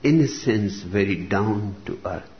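Very slow, deliberate male spiritual teacher. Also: on the low side. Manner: very slow, deliberate, with long pauses between phrases. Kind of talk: slow reflective discourse. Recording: dull lo-fi recording with faint room noise.

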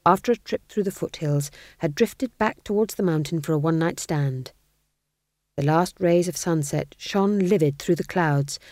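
A woman reading a comic fantasy novel aloud as audiobook narrator, wry and measured, close to the mic. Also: lowish voice, darkish tone, no room sound.

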